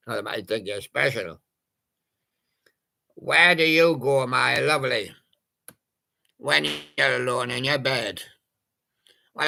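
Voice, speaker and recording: A man's voice: medium pitch, creaky, bright, forceful tone. A man, possibly older, doing playful, punning oldies radio patter and breaking into snatches of old songs. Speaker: radio presenter.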